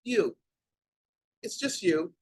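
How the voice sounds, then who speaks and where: A woman's voice: medium pitch, expressive, takes it slowly, a little hiss or hum, rough recording. An older woman hosting a heartfelt talk show, speaking in an emotional way and stretching out her words. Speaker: host.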